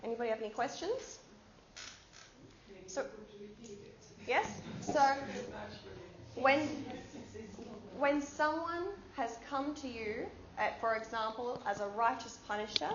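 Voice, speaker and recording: A woman's voice: a little high, animated, measured pace. A woman presenting at a conference workshop, explaining ideas through everyday examples and giving the audience instructions. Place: conference room. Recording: echoey room, dull sound, background noise.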